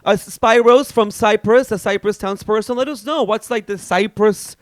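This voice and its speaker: A man co-hosting a podcast, telling stories and shouting out listeners in gossipy, animated casual chat. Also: high-pitched, moderate pace, no echo, clean studio sound. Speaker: podcast co-host.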